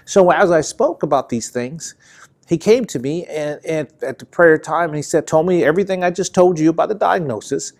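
Male preacher with a somewhat high voice, hammering points home by repeating them. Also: moderate pace, vocal fry, a little mellow. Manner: emphatic, repetitive preaching cadence. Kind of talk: sermon.

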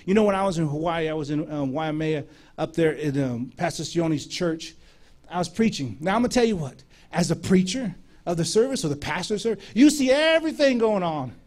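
A man preaching, telling a lively story and acting out the dialogue of the people in it. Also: on the high side, brisk. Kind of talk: sermon storytelling.

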